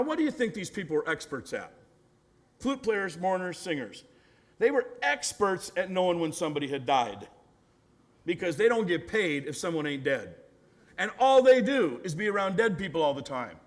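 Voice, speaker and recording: A man, a pastor, preaching a storytelling sermon, acting out quoted voices and often adding "right?", sometimes dropping to a hushed, gentle voice. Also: on the high side. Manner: drops to a hushed, gentle voice for tender moments.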